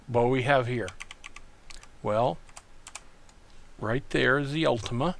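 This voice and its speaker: A man teaching an online lesson, working through exercises step by step and thinking aloud in a slow, methodical way. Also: mid-range voice, creaky, a bit bright. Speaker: Greek tutor.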